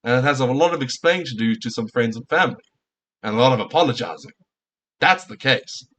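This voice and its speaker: Male streamer, mid-pitched, heated and profane, arguing his point in a reaction rant. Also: lively intonation, a little fast, a bit bright. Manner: heated, profane, fires rhetorical questions.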